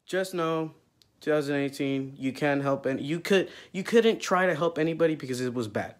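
A young man hosting his own video, delivering a loud, heated, profanity-filled rant to camera. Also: fairly high pitch, moderate pace. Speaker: vlog host.

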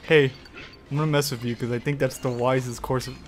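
Excitable man swearing through game commentary. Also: medium pitch, brisk, a little hiss or hum. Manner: excitable, swears often, taunts the creatures. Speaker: gaming YouTuber. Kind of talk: let's play commentary.

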